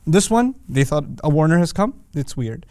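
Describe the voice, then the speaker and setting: A man lecturing on the language of scripture, emphatic and animated, asking rhetorical questions and quoting Arabic verses. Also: fairly high pitch, normal speed, smooth, no echo. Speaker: Quran teacher.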